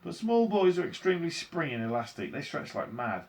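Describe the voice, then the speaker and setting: A man voicing an eccentric, cheerful chocolate maker who talks in a brisk, playful, breezy way, reading a story aloud. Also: on the high side, big pitch swings, pitched above the performer's own voice.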